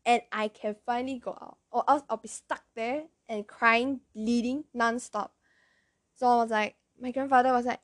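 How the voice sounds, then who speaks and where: A woman's voice: a little high, steady tone, moderate pace, dry recording, studio quality. A woman with a Malaysian English accent telling a personal story in a chatty, rambling way, correcting herself as she goes. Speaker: vlogger. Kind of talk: casual storytelling.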